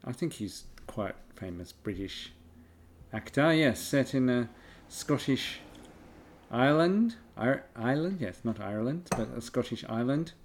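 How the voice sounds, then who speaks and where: A man's voice: medium pitch, expressive, measured pace, a little hiss or hum. Man, casual podcast chat, mid-range voice, stammers, chatty. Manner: chatty, stammers, acts out quotes. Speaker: podcast co-host.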